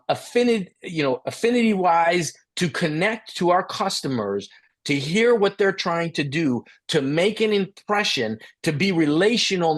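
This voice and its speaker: A man speaking as a guest at a startup event, telling a story in an animated way and often repeating words as he builds it. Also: fairly high pitch. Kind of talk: conversational storytelling.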